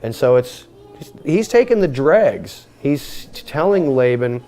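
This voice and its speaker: A man leads a group Bible study in an animated, conversational way. His voice sits at an ordinary middle pitch. He tosses questions to the room and acts out the speakers in the text. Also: slow. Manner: animated, acts out the characters' lines.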